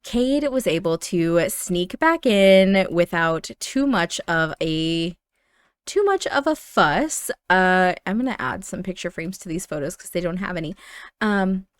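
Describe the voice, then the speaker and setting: A young adult woman narrating her life-sim story in a chatty, casual way. Her voice sits low and is recorded dry and close, with no room sound. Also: expressive, measured pace, clear, resonant tone, no echo. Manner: chatty, warm-hearted, with fillers. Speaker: game storyteller.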